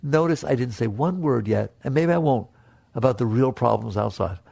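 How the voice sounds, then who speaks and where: A man with a gravelly voice gives a spiritual talk, coaxing and direct with his listeners. He leaps into playful high tones, then drops to soft, low asides. The sound is dry and close. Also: expressive, normal speed, dry recording. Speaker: spiritual teacher.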